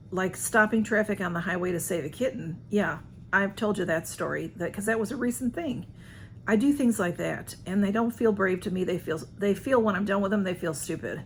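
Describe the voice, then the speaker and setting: A woman's voice: medium pitch, a little hiss or hum. A woman chatting casually at home, answering a list of personal questions in a rambling, self-deprecating way. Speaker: vlogger.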